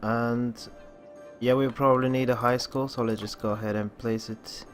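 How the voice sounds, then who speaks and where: A man with a groggy morning voice giving casual commentary as he plays a city-building game, talking at an unhurried pace and often restarting his sentences. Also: medium pitch, steady tone, faint music behind. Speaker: gaming channel host.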